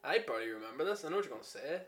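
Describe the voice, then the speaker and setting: A man's voice: medium pitch, big pitch swings, racing, fairly bright tone. A Northern Irish man in his twenties, a podcast guest chatting casually with dry, teasing humour. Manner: dry, teasing, laid-back. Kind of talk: casual chat.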